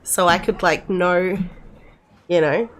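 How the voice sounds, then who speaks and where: Speaking slowly in a low-leaning, steady voice, a middle-aged woman plays a game and rambles through casual commentary. She's chatty and talks to the characters the way she'd talk to friends.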